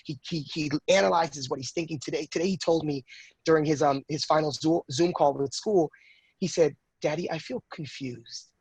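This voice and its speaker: Brief: man, late thirties, husky voice, dry close sound, candid and earnest interview guest who stumbles and repeats words as he thinks. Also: a little high, steady tone, fairly quick, darkish tone, no echo. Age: 30s. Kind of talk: casual conversational interview.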